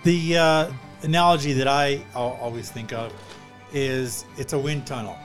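A man in a casual chat, explaining something in a halting, good-humored way. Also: mid-range voice, steady tone, soft background music. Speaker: podcast co-host.

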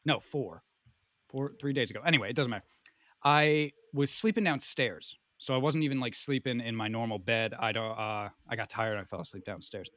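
A young man telling a comic story in a rambling, animated way, full of fillers. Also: medium pitch, normal speed, dry recording.

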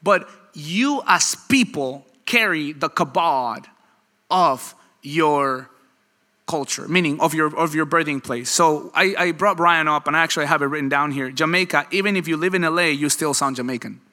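Guy preaching a sermon, kinda high bright voice, talks with the crowd a lot, big echoey church hall. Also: moderate pace. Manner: conversational, animated preaching with audience back-and-forth. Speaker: pastor. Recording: long hall reverb.

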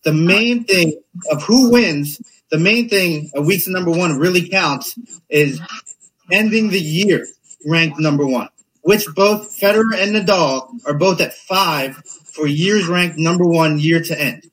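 A husky, high-voiced man in a heated sports argument. He talks over his opponent and hammers the same points again and again. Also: unhurried, fairly bright tone, poor audio.

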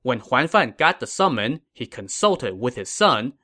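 A man's voice: mid-range voice, big pitch swings, measured pace, bright, forceful tone. A man hosting a history podcast, narrating from a script in a storytelling way with casual asides.

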